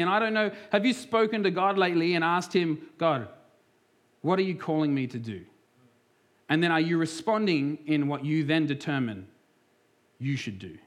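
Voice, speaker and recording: Man preaching a sermon, quoting voices. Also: a little high. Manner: acts out quoted voices, dropping into near whispers. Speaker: pastor.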